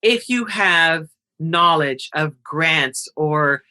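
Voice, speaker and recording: A woman talks as a radio interview guest, a nonprofit founder with a bright, forceful voice. She tells her stories with lively expression and laughs easily. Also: deep voice, extremely slow. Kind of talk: animated storytelling interview.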